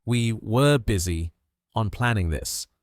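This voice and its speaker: A man's voice: lowish voice, lively intonation, slow pace, no echo, clean studio sound. A man reading a joking, proud young man. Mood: teasing. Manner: teasing, playful.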